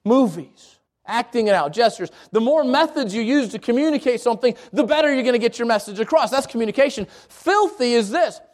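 A man with a high voice delivers a sermon in a relaxed, conversational way. He keeps turning to his listeners with questions and often doubles back over his words as he talks. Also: a little fast. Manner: conversational, asks the congregation questions, repeats words. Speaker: preacher.

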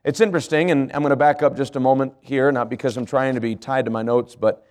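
A man preaching a sermon, asking his congregation questions, spelling out key words and slowing down to stress them. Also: mid-range voice, fairly even intonation, darkish tone. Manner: slows to stress key phrases, rises in passion. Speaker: pastor. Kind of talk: sermon with fill-in handout.

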